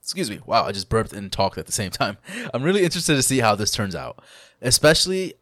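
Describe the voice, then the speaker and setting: A man's voice: medium pitch, big pitch swings, a little fast, fairly bright tone, no room sound. A man co-hosting a casual gaming podcast, laid-back and curious. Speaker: podcast co-host. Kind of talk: casual gaming news chat.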